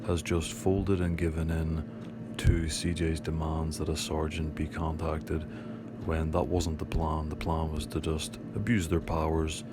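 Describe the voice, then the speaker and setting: A man's voice: very deep voice, level tone, unhurried. A man giving indignant voice-over commentary on a video, scornful of the police. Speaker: commentator on a channel. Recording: loud background music under voice-over.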